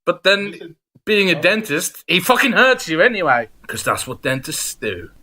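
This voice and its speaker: A man's voice: sits high, big pitch swings, moderate pace, sharp tone. A man with a Dutch accent whose first language is Dutch, co-hosting a podcast in casual banter, wry and playful, acting out little quoted voices, speaking over a Skype call. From Netherlands. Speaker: podcast co-host.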